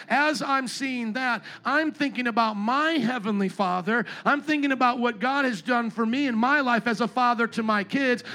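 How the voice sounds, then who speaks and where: A man in his thirties preaching a sermon as pastor, moving from quiet storytelling to loud exhortation. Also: extremely high pitch.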